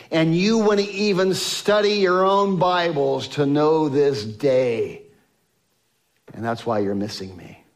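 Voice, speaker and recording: A man preaching a sermon, emphatic, swinging from exclamations to hushed tones. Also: on the high side. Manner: acts out quoted speech of biblical figures.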